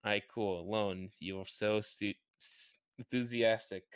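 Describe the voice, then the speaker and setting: Low-voiced man moderating a gaming group's podcast, relaxed and chuckly. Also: unhurried, clean tone, dry recording. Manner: moderating, laughs often. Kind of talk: casual chat.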